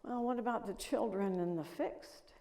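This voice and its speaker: A woman's voice: mid-range voice, normal speed, warm tone. An older woman giving a conference keynote, telling stories and asking the audience questions. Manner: storytelling, asks the audience questions. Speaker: conference speaker. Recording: reverberant lecture hall.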